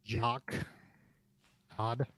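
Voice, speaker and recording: A man's voice: medium pitch, little pitch movement, extremely slow, a bit bright, dry recording. A man hosting a podcast quiz game, easygoing, reading out questions and laughing along.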